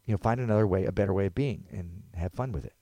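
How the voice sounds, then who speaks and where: Low-voiced man musing in casual chat. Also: very fast, dark tone, dry recording. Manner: rambling, reflective, acts out quotes.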